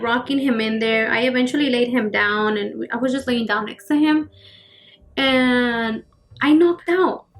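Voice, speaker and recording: A woman's voice: on the high side, a bit bright. A woman in her twenties telling a personal story in a casual vlog, chatty and full of fillers, acting out the scenes. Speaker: YouTuber. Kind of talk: casual storytelling while getting ready. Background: faint background music.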